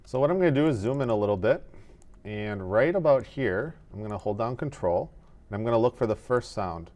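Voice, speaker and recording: A man teaching animation in a screen-recorded tutorial, explaining each step in a methodical, relaxed way. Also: on the low side, a little fast.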